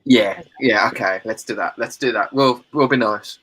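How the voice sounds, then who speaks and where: A man's voice: lowish voice, moderate pace, a bit bright, slightly rough, no echo. A man co-hosting a casual live stream in a laid-back way, often calling people dude. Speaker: co-host. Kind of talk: casual group chat.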